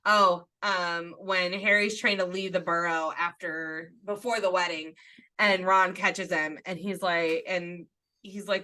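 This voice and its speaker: A woman's voice: on the low side, steady tone, a little slow, pushed and bright. A woman co-hosting a podcast in casual chat, eagerly retelling favorite film lines. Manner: enthusiastic, acts out quoted lines. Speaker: podcast co-host.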